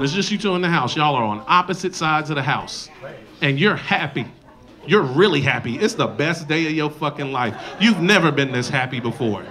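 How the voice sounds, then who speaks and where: A male comedian performing a loud, animated stand-up set on a club stage, slipping into mocking voices, with the audience laughing. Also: on the high side, moderate pace. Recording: live club recording, crowd laughter. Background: crowd laughter.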